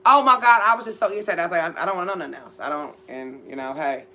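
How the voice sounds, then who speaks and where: A woman reading for viewers, talking about spiritual topics in a blunt, profane, animated way. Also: fairly low pitch, fast, crowd noise. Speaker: spiritual reader and channel host. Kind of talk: casual spiritual chat.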